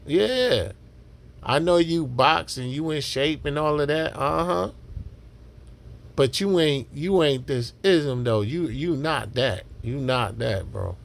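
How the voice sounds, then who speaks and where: A man's voice: fairly high pitch, expressive, takes it slowly, creaky. A man giving casual reaction commentary on a podcast clip, ranting and mocking in street slang. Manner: ranting, mocking, repetitive slang-heavy rant.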